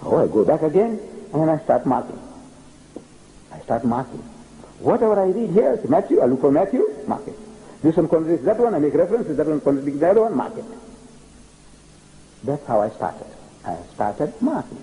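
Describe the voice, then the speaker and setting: Older male lecturer from South Africa, emphatic storyteller with a mellow, dark tone and a lively melody. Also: a little high, brisk, pauses often, rough recording. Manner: animated, emphatic, repeats key phrases.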